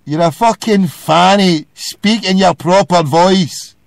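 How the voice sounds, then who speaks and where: Scottish man, phone-in host, high voice, abusive rant, insults. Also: takes it slowly, vocal fry, no echo, clean studio sound. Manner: abusive, ranting, hurls insults. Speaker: call-in show host.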